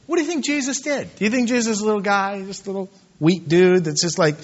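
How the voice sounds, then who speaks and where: A male pastor delivers a sermon in a fairly high voice, dropping to soft asides and then rising into loud, emphatic bursts. The recording is dull and lo-fi. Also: animated, a little fast.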